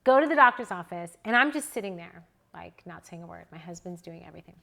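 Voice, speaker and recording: A woman in her forties, a newborn photographer and educator, telling animated personal stories to an audience in a casual way. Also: on the low side, quick pace, vocal fry. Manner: animated, chatty, personal anecdotes. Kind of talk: casual storytelling to a live audience.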